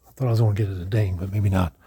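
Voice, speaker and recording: A man's voice: deep voice, steady tone, very fast, background noise. A man casually narrating a walking tour of a lodge room, thinking aloud with frequent restarts and guesses. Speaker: vlogger touring a lodge.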